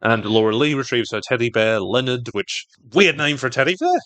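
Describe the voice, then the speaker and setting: A man's voice: mid-range voice, lively intonation, brisk, a bit bright, no room sound. A man co-hosting a podcast, recapping a TV episode in casual chat and acting out quotes in silly voices.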